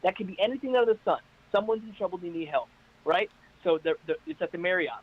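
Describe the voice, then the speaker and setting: A man calling in to a casual chat show, telling stories in an energetic, hyped-up way. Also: sits high, quick pace, breathy edge, dull audio. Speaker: caller guest. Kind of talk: casual chat on a video call. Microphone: internet call.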